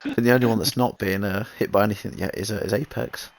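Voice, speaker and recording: A man's voice: lowish voice, steady tone, quick pace, gravelly, a little hiss or hum. A man giving easygoing, rambling commentary on an online racing league, reading out chat messages as he goes. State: recovering from a kidney infection. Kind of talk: casual race commentary.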